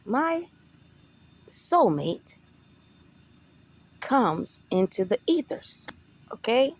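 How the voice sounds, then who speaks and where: Slow-talking woman telling a rambling story. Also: on the high side, very animated, breathy edge. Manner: rambling, profane, conversational. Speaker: vlogger. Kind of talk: casual storytelling.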